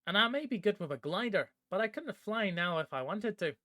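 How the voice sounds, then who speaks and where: A man voicing a fierce, tough female Kithkin archer in an audiobook, sharp and commanding. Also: high-pitched, expressive, fairly quick, no echo, clean studio sound, pitched above the performer's own voice. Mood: wry.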